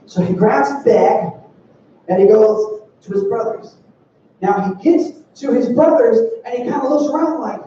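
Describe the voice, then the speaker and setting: A young man giving a youth sermon in a church, telling a story in an animated way with playful acted quotes. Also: extremely high pitch, moderate pace, a little hiss or hum. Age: young adult. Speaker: youth speaker. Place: church sanctuary. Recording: dull, distant, roomy church sound.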